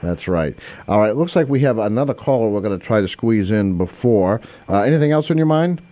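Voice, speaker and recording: Rambling male radio host, dark tone. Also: lowish voice, expressive, brisk, dry recording, dull audio. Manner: rambling, with many fillers and restarts. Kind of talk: casual call-in chat. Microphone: studio microphone.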